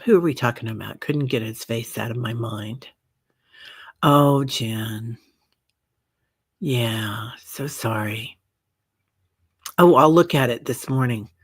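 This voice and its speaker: A woman hosting a meditation group livestream, chatting gently and reading viewer comments aloud with many soft fillers. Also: rumbling low, breathy edge, no echo, studio quality.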